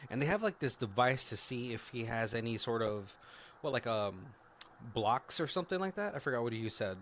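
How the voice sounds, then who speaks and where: A man co-hosting a podcast, retelling a film's plot in a loose, rambling way, full of swearing and asides. His voice sits at an ordinary pitch for a man. Faint background noise hums under the recording. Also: lively intonation, normal speed, fairly bright tone. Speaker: podcast co-host. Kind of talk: casual movie recap chat.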